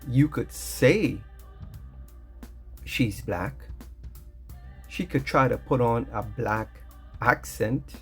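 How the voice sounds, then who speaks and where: A man giving emphatic commentary in slow, drawn-out phrases. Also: mid-range voice, creaky, a bit bright, slightly rough, soft background music. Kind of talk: slow commentary over music.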